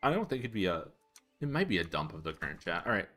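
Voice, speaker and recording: An animated young man chats casually on a live stream while coding, talking quickly. He tells stories that amuse himself, laughing along with squeaky jumps in pitch, as faint music plays behind him.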